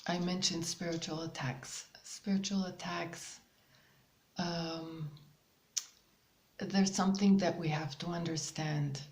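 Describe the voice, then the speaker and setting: A woman hosts a spiritual guidance talk in an easygoing monologue, her voice pitched a little low with a gravelly edge. She speaks very slowly and hesitantly, filling the pauses with ums, and the room gives her voice a noticeable echo. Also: fairly even intonation. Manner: slow, hesitant, with many ums and soft laughs. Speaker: spiritual channel host.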